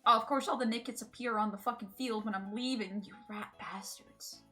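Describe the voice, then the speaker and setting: A woman's voice: fairly high pitch, fairly even intonation, fast talker, pushed and bright, soft background music. A woman with a Scottish accent, between Edinburgh and Glasgow, chatting casually on a gaming stream, swearing freely and laughing often. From Scotland. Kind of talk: casual live-stream chat while gaming.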